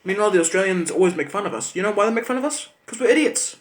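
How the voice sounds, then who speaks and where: A man with a New Zealand accent rants to camera. He is profane and sarcastic, and his voice sits slightly high for a man. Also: animated, rapid-fire. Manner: angry, profane, sarcastic ranting. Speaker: channel host. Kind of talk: ranting vlog monologue.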